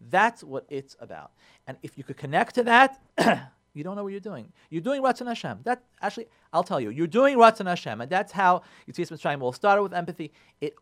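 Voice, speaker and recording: Emphatic man with a lively, high voice. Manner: emphatic, repeats phrases, uses Yiddish and Hebrew terms. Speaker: radio show host giving marriage advice. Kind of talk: radio advice talk.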